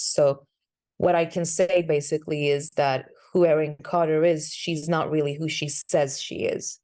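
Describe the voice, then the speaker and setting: A woman's voice: sits low, mellow. A woman, an actress chatting in an interview, searching for words as she talks. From Sweden. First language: Swedish. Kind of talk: casual interview answers.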